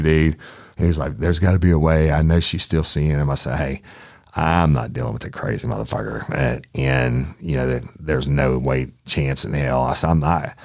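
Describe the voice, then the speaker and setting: Man, extremely deep voice, dry close sound, blunt profane storyteller. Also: a little mellow, no echo. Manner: profane, blunt, retells dialogue with emphasis. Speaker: private investigator. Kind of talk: casual anecdote telling.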